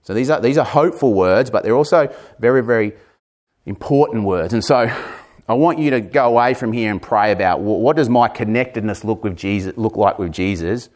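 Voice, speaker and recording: A man in his forties preaching a sermon, emphatic, repeating words and moving between raised and hushed delivery. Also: fairly low pitch, fairly quick. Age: 40s.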